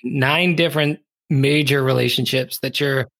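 A man in his thirties co-hosts a podcast, casually chatting through a movie review, laughing a lot and quoting lines in goofy voices. His mid-range voice is gravelly yet fairly bright, steady in tone, at a normal speed, with no echo.

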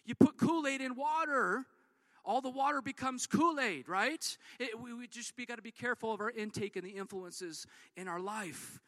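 A man preaching a sermon in an energetic, conversational way, repeating and restarting words as he drives his points home. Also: very high-pitched, normal speed, no room sound, studio quality. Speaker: pastor.

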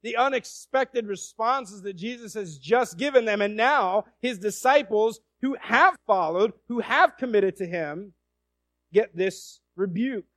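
A man preaching a sermon, dramatic, acting out a scene and swinging from loud to hushed. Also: sits high, a little slow, dry recording.

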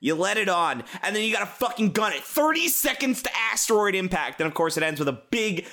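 A man rambling excitedly in casual chat, telling stories with swearing and laughter. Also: sits high, fairly quick.

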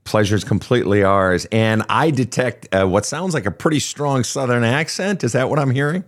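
A man's voice: medium pitch, moderate pace. A man hosting a counseling podcast, talking emphatically and repeating himself as he thinks aloud. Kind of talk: conversational counseling talk.

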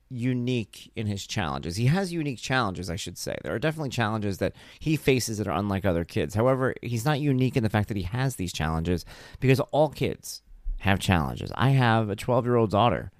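In a casual solo podcast monologue, a tired man hosting his own show chats loosely and acts out family conversations as he tells them, an animated storyteller. His medium-pitched voice is recorded with studio quality and no room sound.

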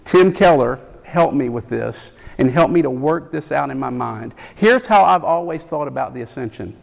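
A man preaching a sermon, animated, building to loud emphatic peaks. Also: medium pitch, normal speed, vocal fry. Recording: long hall reverb.

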